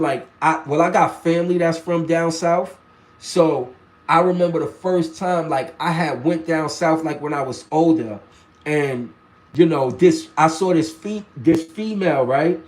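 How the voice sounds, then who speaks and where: High-voiced New York man chatting live. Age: 40s. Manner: rambling storytelling with restarts and slang. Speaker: live stream host reading chat. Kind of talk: casual live chat.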